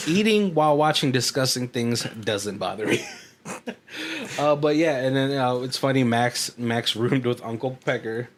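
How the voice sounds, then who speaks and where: A man's voice: medium pitch, normal speed, slight background noise. A man co-hosting a casual movie commentary podcast, rambling through the plot, laughing often and acting out characters' lines. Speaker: podcast co-host.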